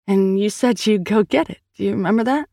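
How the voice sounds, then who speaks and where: A woman's voice: mid-range voice, fairly quick, gravelly, dark tone, no room sound, studio quality, voice pushed up, close to an everyday voice. A woman narrator voicing an earnest young woman who urgently reassures her brother.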